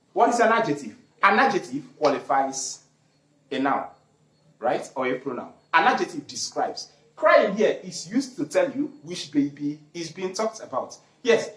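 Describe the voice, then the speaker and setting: An English teacher giving an online grammar lesson, repeating key words and posing questions, then answering them. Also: mid-range voice. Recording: roomy echo, faint music behind.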